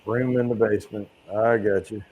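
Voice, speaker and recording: A man's voice: fairly low pitch, fairly even intonation, moderate pace, darkish tone, slightly rough, rough recording. A man hosting a casual livestream chat, joking and teasing his guests. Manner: teasing, joking, loose and crude. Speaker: host.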